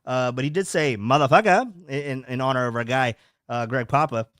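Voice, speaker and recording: A man's voice: mid-range voice, normal speed, a bit bright, dry recording, clean studio sound. A young man hosting a casual podcast livestream from a home setup, rambling, repeating himself and reading chat comments aloud. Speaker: podcast host. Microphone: home streaming setup.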